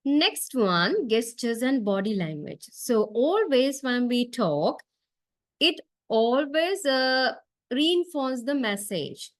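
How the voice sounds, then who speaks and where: A woman's voice: fairly high pitch, sing-song, takes it slowly, dry recording. A woman lecturing to a class, explaining step by step with frequent uh fillers and a questioning "right?" tag. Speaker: university lecturer.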